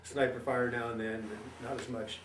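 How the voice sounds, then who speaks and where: A man's voice: medium pitch, normal speed. Older man recounting war stories. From Canada. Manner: animated storytelling, acts out quoted voices. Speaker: veteran interviewee. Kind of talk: oral history interview. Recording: roomy, mic at a distance, faint hiss.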